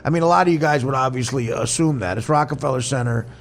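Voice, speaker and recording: A man's voice: medium pitch, fast talker. A man hosting a podcast in casual chat, teasing and joking with his guests. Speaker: podcast host.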